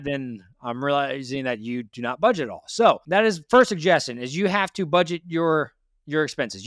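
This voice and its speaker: A man's voice: fairly high pitch, a bit bright, clear, resonant tone, no echo, studio quality. A man hosting a debt interview, giving blunt, lecturing advice and repeating his points. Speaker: financial advice host. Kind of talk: direct money coaching.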